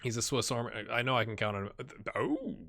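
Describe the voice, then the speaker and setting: A man's voice: mid-range voice, wildly swooping pitch, fast, gravelly, pushed and bright. A man playing a football manager game, chatting casually to viewers and cheering or mumbling at the match as it plays. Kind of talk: casual let's-play commentary. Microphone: headset with earbuds.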